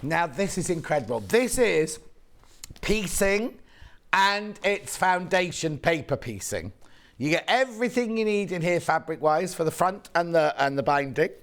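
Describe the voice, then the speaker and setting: Bubbly woman, TV shopping presenter, lively up-and-down delivery, chatty asides. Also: lowish voice, a little slow. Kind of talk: live TV shopping sales chat. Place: TV studio.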